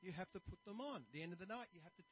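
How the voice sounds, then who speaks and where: A man preaching a sermon, telling stories and admitting his own faults in an animated manner. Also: sits high, racing, husky, low-quality recording. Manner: animated, storytelling, self-deprecating. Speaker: pastor.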